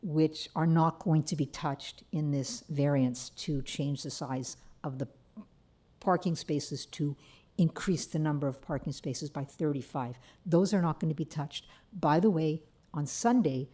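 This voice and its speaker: Rambling older woman, very low voice. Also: measured pace, warm tone. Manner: rambling, apologetic, asks okay often. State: shaky voice, cold and hungry. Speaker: resident speaking at a public hearing. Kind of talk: public comment at a hearing.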